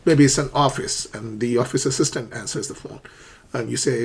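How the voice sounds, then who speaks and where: A man's voice: medium pitch, brisk, gravelly, breathy edge. A man teaching a spoken English lesson, acting out both sides of phone calls. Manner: acts out both sides of phone calls, in a raised, brighter voice for the quoted lines.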